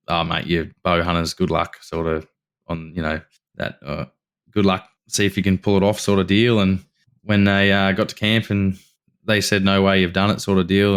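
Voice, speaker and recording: Aussie bloke guesting on a podcast, low smooth voice, animated, keeps saying mate. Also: male voice. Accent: Australian. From Australia. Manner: animated storyteller, acts out quotes, says "mate" often. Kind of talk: casual storytelling.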